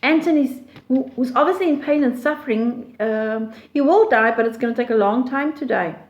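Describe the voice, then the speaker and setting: Woman teacher explaining a play: high voice, slow and deliberate, roomy echo. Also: muffled recording. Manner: slow, deliberate, with frequent fillers and restarts. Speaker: literature teacher.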